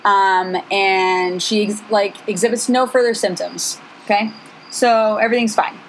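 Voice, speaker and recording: A woman's voice: mid-range voice, steady tone, unhurried, slight background noise, low-quality recording. A young woman co-hosting a podcast, telling a story in a rambling, giggly way with lots of fillers. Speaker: podcast co-host. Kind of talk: casual chat, storytelling.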